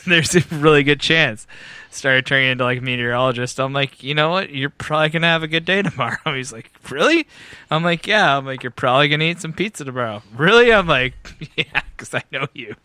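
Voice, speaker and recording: A man hosts a casual podcast, swearing freely and acting out every line of the conversations he retells. His voice is bright and crisp, a little higher than average, and the sound is dry and close. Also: fast, dry recording. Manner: profane, laughing, acts out both sides of stories. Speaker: podcast host. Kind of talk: casual chat, storytelling. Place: podcast studio.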